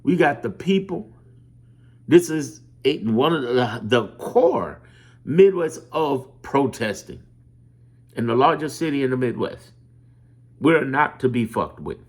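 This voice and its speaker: A man from Chicago talking in a loose, animated monologue, rambling, swearing and laughing as he tells stories. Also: mid-range voice, slow pace, long pauses. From Chicago, USA. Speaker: political commentator. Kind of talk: casual monologue.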